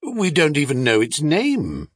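A man's voice: on the high side, wildly swooping pitch, a little slow, husky, dry recording, studio quality, pitched above the performer's own voice, full character voice. A man voicing a nervous, hesitant middle-aged father who hems and haws. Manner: hesitant, stammering fillers.

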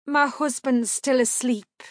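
A woman voicing a young wife, anxious but spirited, speaking brightly and with emphasis. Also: high-pitched, steady tone, takes it slowly, no room sound, clean studio sound, pitched above the performer's own voice. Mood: lively.

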